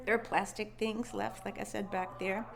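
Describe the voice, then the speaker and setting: A woman's voice: medium pitch, little pitch movement, normal speed, creaky, a little hiss or hum. A woman at a conference telling an eerie first-person story with emotion, repeating and restarting words and acting out her own thoughts. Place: conference venue.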